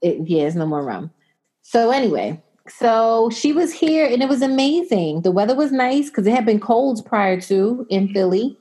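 A woman's voice: a little high, moderate pace. A young adult woman chatting casually and telling a long story, acting out what people said. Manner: animated storyteller, quotes herself and others in voices.

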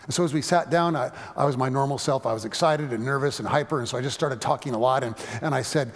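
Storytelling pastor in a reverberant hall. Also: male voice, mid-range voice. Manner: storytelling, animated with halting restarts. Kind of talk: sermon.

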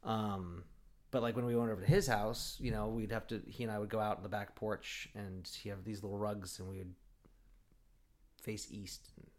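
A man's voice: on the low side, fairly even intonation, normal speed, darkish tone. A man from Oregon telling rambling stories in casual chat, full of fillers and restarts. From Oregon, USA.

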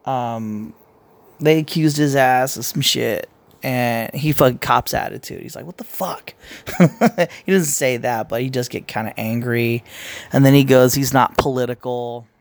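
A man's voice: medium pitch, measured pace, no room sound. A man giving casual commentary in a blunt, profane way, rambling and restarting his sentences as he goes. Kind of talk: casual opinion rant.

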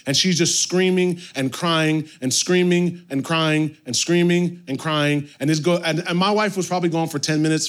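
Animated man preaching a sermon. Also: fairly high pitch. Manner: storytelling, animated, with sudden loud and quiet turns. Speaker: pastor.

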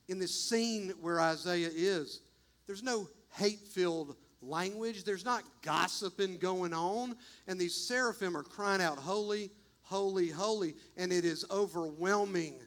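Male pastor, high-pitched and impassioned, emphatic sermon delivery. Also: fairly bright tone. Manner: impassioned, emphatic, swings between fast bursts and slow stresses. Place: church, streamed online.

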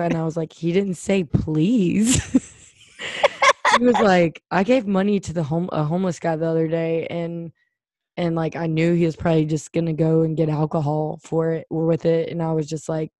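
A woman's voice: sits low, level tone, moderate pace, mellow, no echo. A woman co-hosting a podcast, telling a story in a loose, chatty way with lots of fillers. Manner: chatty storyteller, frequent "like" and laughs. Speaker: podcast co-host. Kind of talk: casual chat.

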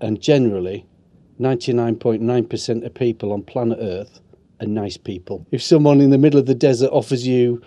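Rambling, dark-voiced former army medic. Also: male voice, medium pitch, brisk. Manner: rambling, anecdotal, earnest. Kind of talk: street interview storytelling. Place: allotments outdoors.

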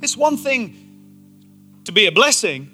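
Male pastor, lively storytelling sermon, sharp bright timbre, faint guitar behind. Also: high voice, slow pace. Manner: animated, enthusiastic storytelling with playful asides. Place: church auditorium before a congregation.

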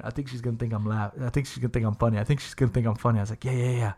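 A man's voice: mid-range voice, steady tone, very fast, dark tone. A young man telling a funny story in casual chat, swearing freely and acting out the voices of the people he quotes.

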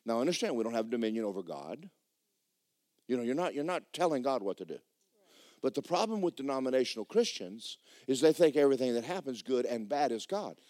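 A man preaching a sermon as pastor, swinging from shouted bursts to low, quiet lines and acting out dialogue. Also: sing-song, brisk, no echo, clean studio sound. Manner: acts out dialogue in dramatized voices. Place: church sanctuary.

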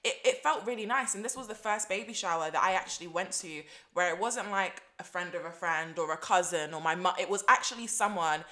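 A woman, co-hosting a casual chat podcast, lively and laughing often. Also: fairly low pitch, a little fast, hardly any pauses. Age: 20s. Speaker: podcast co-host.

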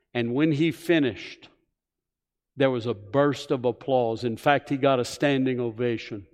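Slow, earnest preacher in a reverberant hall. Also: male voice, mid-range voice. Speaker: pastor. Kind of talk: sermon. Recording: church hall with long reverb.

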